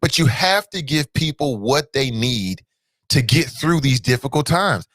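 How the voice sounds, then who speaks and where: A male talk show host from Cincinnati, delivering animated solo commentary full of repeated rhetorical questions and sudden high exclamations. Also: measured pace, dry recording, studio quality. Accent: Cincinnati, Ohio.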